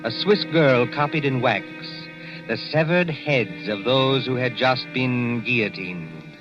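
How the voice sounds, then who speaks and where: A man narrating a 1940s radio drama in a measured, solemn way, on a dull old broadcast. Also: medium pitch, animated, over music.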